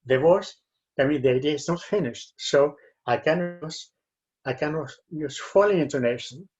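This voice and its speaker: A man with a Chilean Spanish accent giving a university lecture on reading aloud, with frequent fillers and pauses. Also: fairly high pitch, a little mellow. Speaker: university English teacher. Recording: dull lo-fi sound.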